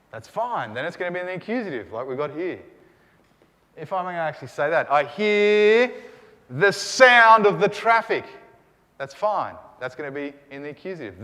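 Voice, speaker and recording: A man lecturing a class in an echoing hall, his high voice rising and falling with energy. He keeps checking in with the room as he explains, lively and eager. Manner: animated, checks in with the class often. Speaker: Greek language teacher. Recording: long hall reverb.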